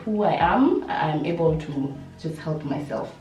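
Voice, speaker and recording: A woman's voice: low-pitched, sing-song, a little slow, warm tone. Reflective woman in an echoey room. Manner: reflective, talks through her own coping habits. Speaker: podcast co-host. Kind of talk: casual group chat. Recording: echoey room, mic at a distance.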